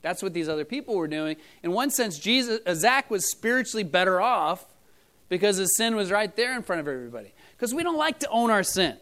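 A man's voice: high-pitched, big pitch swings, fairly quick, a bit bright. A middle-aged man preaching a casual sermon to his church, talking in a loose storytelling way with many fillers. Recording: church audio recording.

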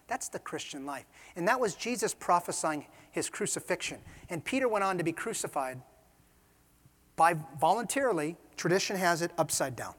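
A man preaching a sermon, retelling scenes with animated storytelling and casual asides. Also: high-pitched, fairly quick. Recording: reverberant hall.

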